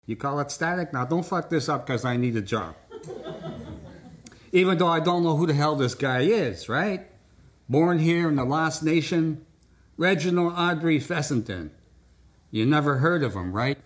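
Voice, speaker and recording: A man's voice: fairly high pitch, lively intonation, normal speed, pauses often. A man hosting a live stage show, joking and coaxing the audience along. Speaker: host. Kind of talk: comic stage patter.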